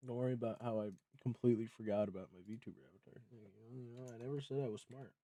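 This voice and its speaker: A man streaming live, talking casually and excitably, swearing freely and laughing often. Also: mid-range voice, fast talker, no echo.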